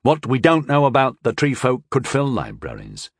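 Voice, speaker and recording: A man voicing a wary male court wizard in an audiobook, speaking in a measured, restrained and deferential way. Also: mid-range voice, wildly swooping pitch, slightly rough, no room sound, clean studio sound. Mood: guarded. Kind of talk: audiobook character voice.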